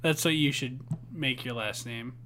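Bright-voiced joking young man. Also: mid-range voice, slight background noise. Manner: joking, laughs often, quick bursts of enthusiasm. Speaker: podcast co-host. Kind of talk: casual chat.

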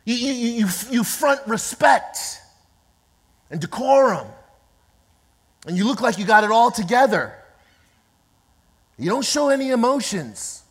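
A self-important religious bystander hushes and lectures, swinging between hushed scolding and loud sternness, as a woman preacher puts him on. The voice jumps around in pitch and rings with the long reverb of a big hall. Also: animated, measured pace, long pauses, slightly rough.

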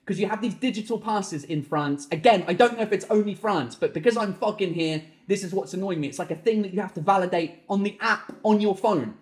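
A man hosting a comedy podcast, telling exasperated stories in an animated, swearing comic monologue from his garden home office. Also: high-pitched, brisk, hardly any pauses. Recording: echoey room.

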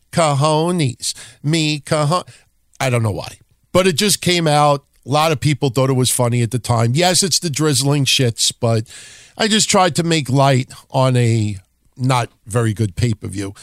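A man's voice: mid-range voice, no room sound, studio quality. A man hosting a wrestling history podcast, talking in a blunt, profane, casual way with wry asides. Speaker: podcast host.

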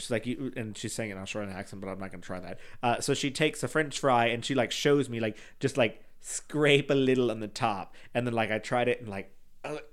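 A man's voice: mid-range voice, fast talker. A man co-hosting a podcast, chatting casually in a campy, talkative way with lots of fillers and swearing. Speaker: podcast co-host. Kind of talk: casual chat.

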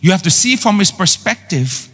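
A man's voice: high voice, big pitch swings, moderate pace, sharp tone, breathy edge. A man preaching a sermon with emphatic, call-and-response delivery. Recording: long hall reverb with faint music.

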